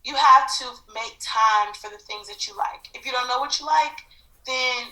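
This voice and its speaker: A woman co-hosting a podcast in casual chat, giving halting, thoughtful advice. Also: sits high, sharp tone. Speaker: podcast co-host. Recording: echoey room.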